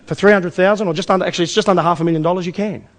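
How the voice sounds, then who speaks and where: Man, Australian accent, seminar presenter, rapid talker, high voice, energetic, rhetorical questions to audience. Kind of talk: live investment seminar pitch. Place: in front of a live audience.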